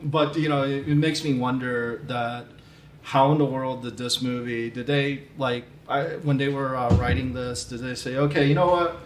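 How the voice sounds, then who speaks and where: A man in a casual movie podcast chat, emphatic and quick to agree. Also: medium pitch, steady tone. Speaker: podcast co-host. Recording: roomy with light hiss.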